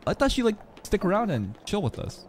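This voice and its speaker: An anime reaction streamer giving excitable, profane live commentary, talking straight at the screen. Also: medium pitch, fairly quick, crowd noise.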